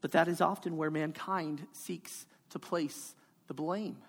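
A woman's voice: low-pitched, steady tone, measured pace, husky. A woman preaching a sermon in an emphatic, repetitive cadence, building her points line by line. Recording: hall reverb.

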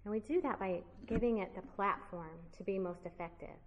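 A woman's voice: mid-range voice, fairly quick, big-room sound, highs cut off, a little hiss or hum. A woman teaching a Bible study group, earnest and emphatic, repeating key phrases and dropping casual, self-deprecating asides to her listeners.

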